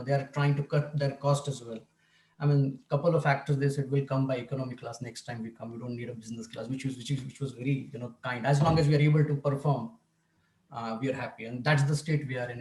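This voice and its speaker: A man's voice: medium pitch, darkish tone, reverberant, poor audio. A man on an online business panel, talking candidly with hesitant fillers. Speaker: panelist, theatre and event producer. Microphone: video call.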